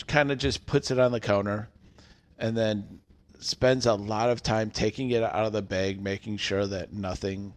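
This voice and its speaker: A man's voice: lowish voice, steady tone, normal speed. A man in his thirties casually telling a customer service story on a podcast, acting out the quotes.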